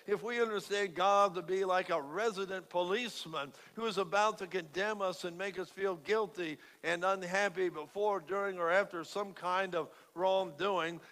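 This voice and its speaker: A male pastor preaches in an earnest, emphatic way and lands hard on key words. His voice sits high and moves slowly. A long hall reverb trails after him. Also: fairly bright tone. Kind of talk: sermon.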